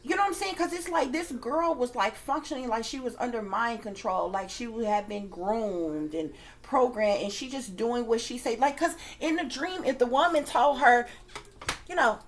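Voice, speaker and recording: Lady psychic reader w a high voice, ranting casual to her viewers, cusses a lot, acts out what she said. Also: animated, normal speed. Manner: emphatic, frequently swearing, acts out her own reactions. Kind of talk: casual spoken storytelling to viewers.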